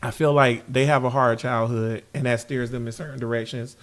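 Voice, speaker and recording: A man's voice: medium pitch, fairly even intonation, a little fast. A man hosting a podcast, laid-back and joking, with lots of slang and filler words. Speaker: podcast host. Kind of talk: casual interview.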